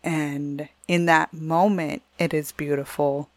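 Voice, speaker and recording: A woman's voice: low voice, flat delivery, takes it slowly, dry recording. A woman co-hosting a casual chat, speaking in an earnest, heartfelt way. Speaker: podcast co-host.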